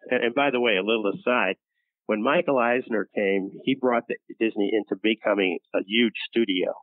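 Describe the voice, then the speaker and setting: An older man telling a long workplace story in an interview, halting and restarting often and acting out what others said. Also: lowish voice, no room sound. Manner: halting, many restarts, acts out quoted voices. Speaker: interview guest, former studio executive. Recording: tinny phone-like dry sound.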